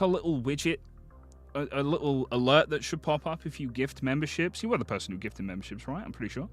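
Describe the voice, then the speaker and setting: A man streaming live, chatting casually with viewers, excitable and swearing often as he thanks them. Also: mid-range voice. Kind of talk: casual livestream chat.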